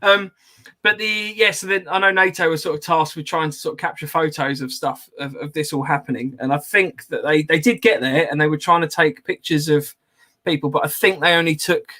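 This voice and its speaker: A man tells a story on a podcast in loose, chatty talk, full of ums and little laughs. His voice sits a touch high and sounds bright and forward. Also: steady tone, fairly quick. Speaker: podcast host. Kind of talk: casual chat, anecdote.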